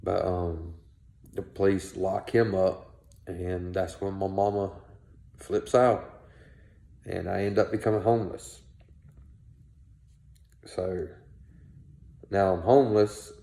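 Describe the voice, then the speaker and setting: A man with a drawl recounts his past in a blunt, candid way, swearing freely. His voice is low and gravelly, with a dark tone. The room adds a noticeable echo. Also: fairly even intonation, takes it slowly, pauses often. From South Carolina, US. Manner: candid, blunt, laced with profanity. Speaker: storyteller, show host. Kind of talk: personal storytelling.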